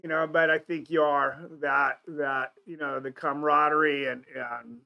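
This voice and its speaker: A man's voice: fairly high pitch, little pitch movement, moderate pace, creaky, muffled recording. A man hosting a casual talk show, rambling with many restarts and fillers. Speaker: show host.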